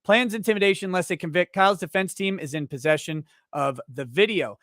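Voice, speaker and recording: A man hosting a casual livestream, reading viewer chat messages aloud and joking, often restarting his sentences and growing animated in his stories. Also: high-pitched, no room sound, clean studio sound. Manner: rambling and joking, with halting restarts; animated when telling stories. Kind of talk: casual live-stream chat.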